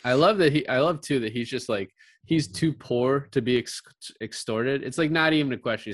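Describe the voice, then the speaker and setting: A man's voice: mid-range voice, moderate pace, no echo, clean studio sound. A man co-hosting a casual film chat, retelling scenes with lots of laughter and fillers. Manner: chatty, laughs often, retells scenes with quoted lines. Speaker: podcast co-host.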